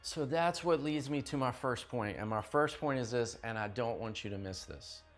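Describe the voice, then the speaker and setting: A man's voice: medium pitch, moderate pace, soft background music. A young man preaching a youth sermon in an emphatic, conversational way, often checking in with his listeners. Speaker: youth pastor.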